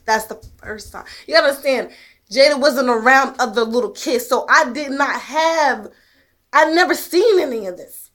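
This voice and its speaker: A woman's voice: sits high, moderate pace, fairly bright tone. A mother talking straight to the camera in an intense, emphatic way, blunt and swearing, pressing her point with rhetorical questions. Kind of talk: direct-to-camera monologue.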